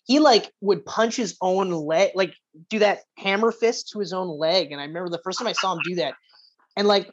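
A woman's voice: lowish voice, moderate pace. Playful female co-host, teasing banter, slightly muffled lo-fi audio. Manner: playful, teasing, acts out voices in anecdotes. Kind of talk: casual chat.

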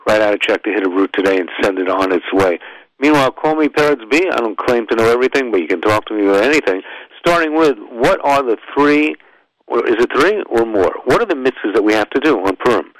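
A man's voice: mid-range voice, animated, quick pace, dry recording, rough recording. A man hosting a radio call-in show, folksy and emphatic, dropping Hebrew and Yiddish phrases into his talk and stretching words for emphasis. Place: radio studio. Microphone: studio microphone.

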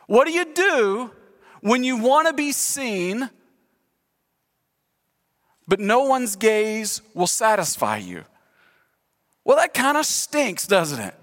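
A middle-aged man preaching a sermon as pastor, shifting from hushed prayer to lively, expressive storytelling. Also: sits high, takes it slowly, long pauses. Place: large church sanctuary. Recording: long hall reverb.

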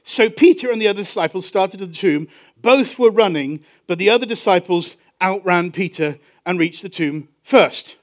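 With an English accent and a high-pitched voice, a male pastor tells a story during his sermon. He is animated, slowing down on key phrases to give them emphasis.

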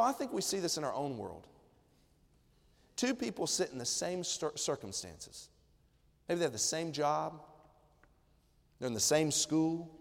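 A middle-aged male pastor preaching a sermon, animated and acting out people's words in quoted voices. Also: fairly high pitch, long reverb tail.

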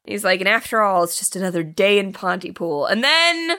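A woman's voice: medium pitch, big pitch swings, a little fast, pushed and bright. A woman co-hosting a film podcast in casual chat, retelling the plot and acting out the characters' lines. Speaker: podcast co-host reviewing a film.

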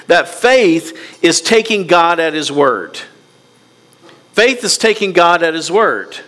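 A male pastor delivers a sermon with a high, bright voice that rings out. He talks to the congregation directly, stresses his points with repetition and stumbles over words as he pushes forward. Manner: emphatic, repeats words, asks the congregation questions.

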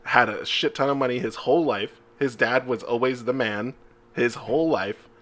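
A man co-hosting a podcast in laid-back casual chat, wry and quick to laugh. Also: mid-range voice, a bit bright. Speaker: podcast co-host.

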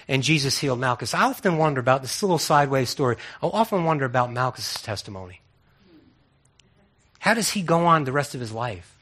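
A man's voice: mid-range voice, expressive, brisk, fairly bright tone. A man preaching a sermon in a conversational way, asking many rhetorical questions and often restarting his words.

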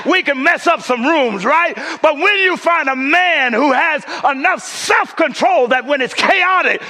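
A man preaching a sermon as pastor, calling out to the congregation and swinging from shouts to soft hushes. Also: very high-pitched, long reverb tail.

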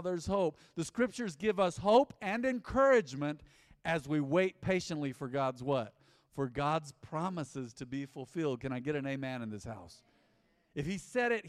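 A man's voice: on the high side, no room sound, studio quality, big-room sound. A man preaching a sermon as pastor, emphatic, calling on the congregation to respond. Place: church sanctuary.

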